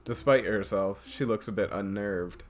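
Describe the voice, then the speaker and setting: A man narrating a visual novel playthrough as host, relaxed and casual, stumbling now and then. His voice sits low, and quiet music plays faintly behind him. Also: normal speed. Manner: casual, with small slips and restarts.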